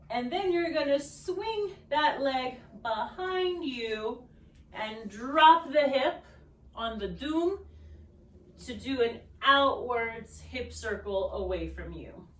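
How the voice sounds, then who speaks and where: Slow-talking woman teaching dance, echoey. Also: a little high, expressive, fairly bright tone. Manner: counts beats aloud and sings rhythms with syllables. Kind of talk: dance tutorial instruction. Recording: echoey room, voice picked up from a distance.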